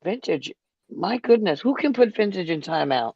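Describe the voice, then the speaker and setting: Gravelly woman on a dull lo-fi line. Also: lowish voice, big pitch swings, normal speed, no room sound. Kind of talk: casual group chat. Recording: dull lo-fi sound.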